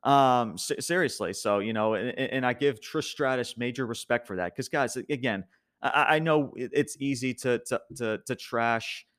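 A man's voice: mid-range voice, moderate pace, fairly bright tone. A young man casually recapping a wrestling show as a podcast host, rambling with many restarts and frequent laughs.

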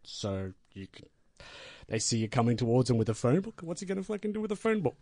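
A man, a wrestling manager guest, telling stories in a crude, deadpan, boastful way full of swearing. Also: mid-range voice, quick pace, no echo. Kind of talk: casual storytelling in a podcast interview.

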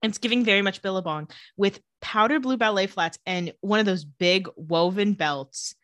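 A woman's voice: medium pitch, normal speed, a bit bright, dry recording. A woman co-hosting a podcast, casually recapping a TV episode and acting out the characters' lines in playful voices. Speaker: podcast co-host recapping a TV show. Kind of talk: casual chat.

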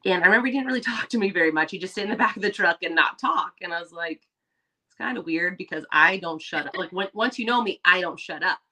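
A woman's voice: mid-range voice, racing, hardly any pauses. A woman co-hosting a podcast, telling stories in casual chat and acting out what others said. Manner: animated storyteller, acts out quoted voices. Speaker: podcast co-host.

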